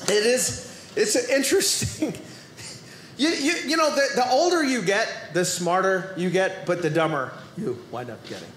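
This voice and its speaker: Animated Boston stand-up comic, high voice. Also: male voice, normal speed, background noise. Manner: animated, playful delivery with shouted asides and sudden quiet drops. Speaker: stand-up comedian. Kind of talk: stand-up comedy routine. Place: comedy club stage before a live audience. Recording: roomy live stage recording.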